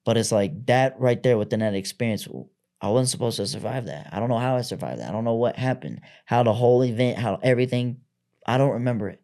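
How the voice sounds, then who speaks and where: A man's voice: mid-range voice, fast, warm tone. A man on a podcast as a guest, telling his own story candidly in blunt, profane everyday speech. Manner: blunt and profane, acts out quoted voices.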